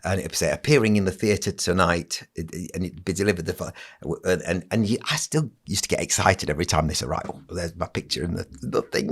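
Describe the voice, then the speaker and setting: Animated older man telling stories. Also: deep voice, fairly quick, hardly any pauses, slightly rough. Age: 60s. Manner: animated storyteller who acts out other people's lines. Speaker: children's entertainer and magician, podcast guest. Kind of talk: casual anecdote telling on a podcast.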